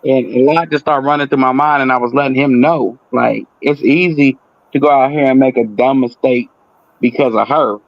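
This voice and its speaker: A man telling a personal story in casual talk, animated, acting out the voices of the people in it. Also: mid-range voice, normal speed, lo-fi sound.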